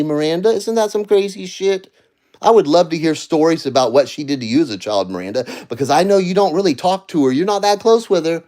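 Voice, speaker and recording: A man ranting on a livestream from home, addressing absent people, swinging between heated shouting and low, tired muttering. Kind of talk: angry livestream rant. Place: at home, seated.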